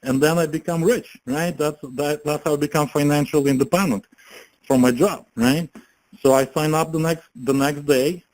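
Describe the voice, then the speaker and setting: A man giving a casual motivational pitch as a network marketing promoter, chatty, laughing often and filling his talk with "you know" and "right?". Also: steady tone, moderate pace, a little mellow, poor audio. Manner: chatty, laughs often, many fillers and tag questions.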